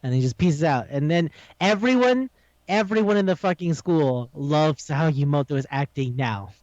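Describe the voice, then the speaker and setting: A man co-hosting a casual podcast, recapping an episode with animated, profane delivery and acted-out lines. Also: on the high side, moderate pace, dry recording. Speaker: podcast co-host. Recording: dull lo-fi sound.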